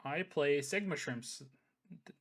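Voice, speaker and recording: A man's voice: fairly high pitch, takes it slowly, a bit bright. A man hosting a casual post-match interview, chatty and upbeat as he praises the players' plays. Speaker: league host interviewing players.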